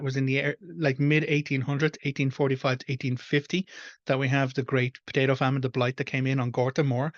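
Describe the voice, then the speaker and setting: A man's voice: mid-range voice, no room sound, highs cut off. An Irish man hosting a reaction video, ranting bluntly and with frustration. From Ireland. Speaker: host. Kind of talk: reaction commentary.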